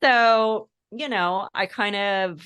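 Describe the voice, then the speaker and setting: A woman's voice: medium pitch, takes it slowly, a bit bright, clean tone, muffled recording. A woman guest on a podcast, telling a personal story in a chatty, casual way, full of "like" and "you know.".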